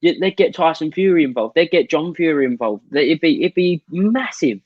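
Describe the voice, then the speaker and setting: A man's voice: a little high, expressive, brisk, dry recording. Hesitant British man on a dull dry mic. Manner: hesitant, stammers when pressed. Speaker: co-host. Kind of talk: casual debate.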